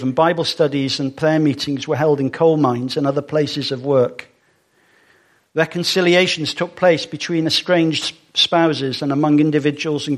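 A man giving a sermon in a conversational way, with fillers and small asides to the congregation. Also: a little high. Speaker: preacher.

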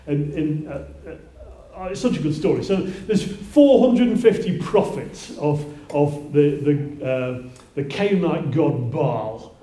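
A fairly high-pitched male preacher gives a conversational sermon and often restarts his sentences. His tone is mellow. The sound is roomy and echoing, as in a church. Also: expressive, slow pace. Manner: conversational, with many restarts and rising exclaims. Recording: roomy echo.

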